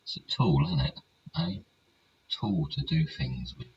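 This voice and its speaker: The host, an older English man, delivers a loose, rambling monologue on his show, swearing without restraint and checking whether people agree. He talks a little slowly in a rumbling low, expressive voice. The audio is dull and faintly hissy, captured from a distant mic.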